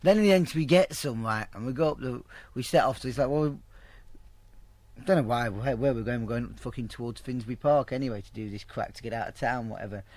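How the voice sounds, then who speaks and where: Fast-talking man, profane storyteller. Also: mid-range voice, darkish tone, no room sound. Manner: rambling, heavily profane, acts out quoted voices. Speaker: interviewee. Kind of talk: casual spoken storytelling.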